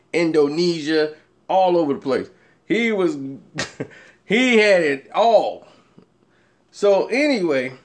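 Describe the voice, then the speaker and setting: A man telling a casual story, laughing often and acting out the people he quotes. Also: sits high.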